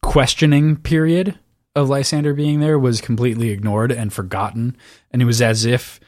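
A man's voice: mid-range voice, fairly even intonation, normal speed, a little mellow, no echo, studio quality. A man co-hosting a casual book discussion, rambling and making wry jokes. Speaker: podcast co-host.

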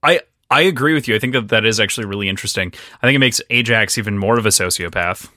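A man's voice: lowish voice, racing, sharp tone, dry recording, studio quality. A man co-hosting a casual book discussion, joking and laughing often. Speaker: podcast co-host.

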